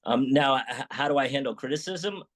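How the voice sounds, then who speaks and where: A man's voice: mid-range voice, normal speed. A middle-aged man, a restaurant founder, chatting as an interview guest, telling stories with lots of restarts and acted-out quotes. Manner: animated storytelling with many restarts and acted quotes. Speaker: sandwich shop founder, guest. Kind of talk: casual interview chat.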